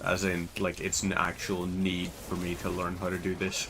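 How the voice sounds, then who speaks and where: Chatty Northern Irish man, lowish voice. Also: monotone, normal speed, background noise. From Northern Ireland. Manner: chatty, rambling digressions. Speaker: gaming channel host. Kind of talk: casual gameplay commentary.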